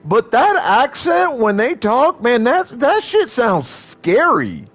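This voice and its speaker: A man's voice: extremely high pitch, sing-song, slow pace, a bit bright. A man streaming live who chats casually in a rambling, profane way, with many restarts.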